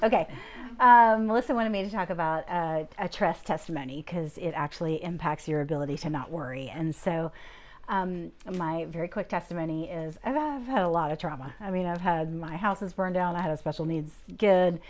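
A woman's voice: on the low side, a little fast. A middle-aged woman giving a testimony into a handheld microphone, telling her story with laughter and acting out the voices of the people in it, then leading a prayer. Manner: lively, laughing, acts out quoted voices. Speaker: guest speaker giving a testimony.

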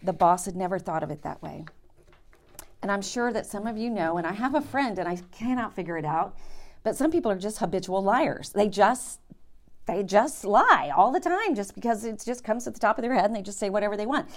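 A middle-aged woman leads a women's Bible study with a gravelly edge to her voice. She talks like a chatty storyteller and keeps checking in with her listeners. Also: mid-range voice, animated, a little fast. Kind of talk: teaching and prayer to a women's group.

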